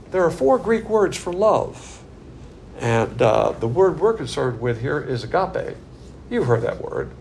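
A man's voice: fairly high pitch, vocal fry, slight background noise. A man preaching a sermon in a church room, stretching out key words for emphasis and putting questions to his listeners.

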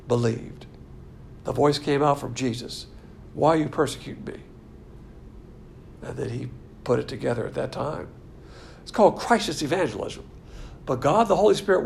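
A man's voice: a little high, gravelly, a little mellow, a little hiss or hum. A man preaching a casual sermon, joking and mimicking imagined people in quoted voices.

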